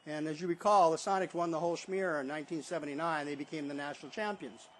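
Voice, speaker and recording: A man's voice: on the high side, fairly even intonation, fast talker, a little hiss or hum. An older man telling a rambling, folksy personal anecdote in a casual way. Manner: folksy, rambling storyteller who acts out others' lines. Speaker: storyteller.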